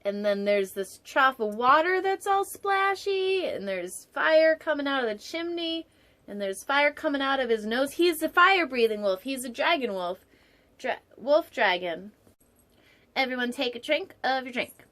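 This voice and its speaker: A woman's voice: sits high, expressive, measured pace, a bit bright. A woman hosting a storytime show, reading a picture book aloud and breaking off for playful, digressive jokes, sometimes dropping to a whisper for an aside. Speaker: storytime host.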